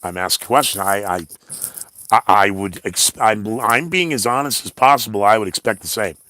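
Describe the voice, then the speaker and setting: A man's voice: lowish voice, normal speed, bright, forceful tone. A man hosting his own podcast, talking in a rambling, blunt monologue full of sarcastic asides. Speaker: podcast host.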